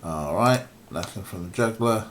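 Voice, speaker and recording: A man's voice: lowish voice, expressive, moderate pace, a bit bright, a little hiss or hum. A young man streaming an old adventure game, giving sarcastic, swearing commentary. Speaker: let's play streamer. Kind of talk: casual gameplay commentary.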